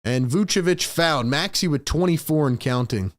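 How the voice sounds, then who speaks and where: Male sports streamer, higher voice, dry close mic, emotional, repeats himself for emphasis. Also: moderate pace, no room sound. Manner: emotional, swings between hyped shouting and frustrated muttering. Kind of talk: live play-by-play reaction stream.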